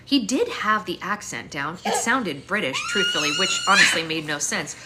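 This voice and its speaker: Expressive woman reading her book aloud. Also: medium pitch, moderate pace, hardly any pauses, a little hiss or hum. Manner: expressive, wry first-person reading. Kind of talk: live read-aloud narration. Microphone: phone.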